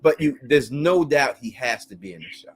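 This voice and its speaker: A man hosting a casual call-in live stream, animated and crude, laughing often and using lots of slang. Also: medium pitch, moderate pace, slightly rough.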